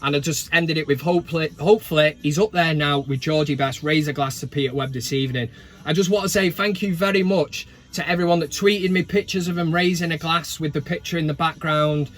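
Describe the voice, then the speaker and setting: A man's voice: a little high, level tone, brisk, a bit bright. A man hosting a casual football chat vlog, full of jokey banter and swearing. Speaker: host.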